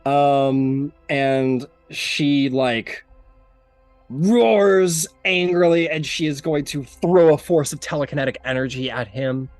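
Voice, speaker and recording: A man's voice: on the high side, steady tone, slow, a little mellow, dry recording, soft background music. Rambling man running a tabletop game. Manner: casual, rambling, lots of fillers. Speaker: game master.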